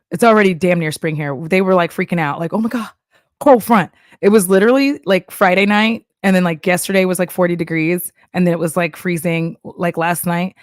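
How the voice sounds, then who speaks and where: A woman's voice: on the low side, no room sound, studio quality. A young adult woman from Texas, chatting casually on a live stream, laughing often and acting out little voices. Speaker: streamer reacting to a video.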